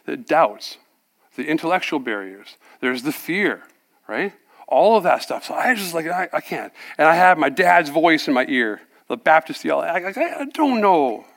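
Animated man telling a personal testimony. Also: on the high side, moderate pace, vocal fry. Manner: animated storyteller, acts out dialogue, laughs often. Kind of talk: sermon testimony.

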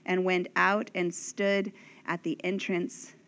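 A woman preaching a sermon, speaking slowly and dramatically and sometimes dropping to a whisper for emphasis. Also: lowish voice, flat delivery, a bit bright.

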